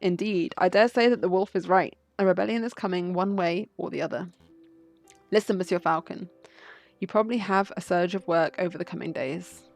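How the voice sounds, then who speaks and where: Woman reading as a courteous male fox gentleman. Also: lowish voice, brisk, gravelly, no echo, soft background music. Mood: polite. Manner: courteous, polished formal speech.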